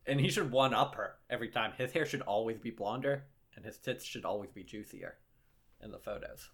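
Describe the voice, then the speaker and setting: Low-voiced young man joking on a podcast. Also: a bit bright, breathy edge. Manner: joking, self-deprecating, halting with fillers. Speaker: podcast co-host. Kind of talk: casual podcast chat.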